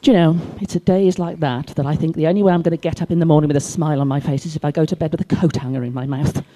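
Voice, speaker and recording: Older lady doing stand-up, dry storytelling, mellow voice, sudden loud shouts. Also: deep voice, fairly even intonation, racing. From Wales. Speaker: stand-up comic. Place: library comedy gig.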